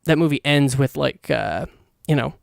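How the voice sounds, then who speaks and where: A man's voice: medium pitch, moderate pace, vocal fry, no echo, studio quality. A man hosting his own podcast, giving a casual, rambling, profane movie review full of fillers. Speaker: podcast host.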